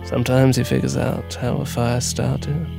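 A man's voice: mid-range voice, level tone, normal speed, vocal fry. A man, playing an agent who tells a long, rambling, playful story in an audio drama. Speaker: agent leaving a voicemail. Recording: music playing behind, crickets.

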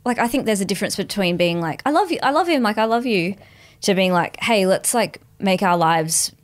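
A woman's voice: mid-range voice, brisk. A woman in her thirties co-hosting a comedy podcast, rambling and mock-defensive in an improvised bit. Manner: rambling, deadpan, mock-defensive, makes silly sound effects.

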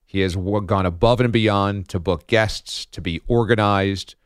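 A man's voice: lowish voice, a little slow, clean tone, no echo. A man hosting a sports talk radio show, chatty and laughing often, on a studio microphone.

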